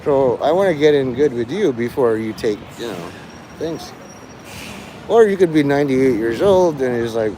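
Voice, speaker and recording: A man's voice: mid-range voice, lively intonation, moderate pace, noisy background. A man livestreaming, rambling and teasing his chat, breaking into mock-angry, swearing rants.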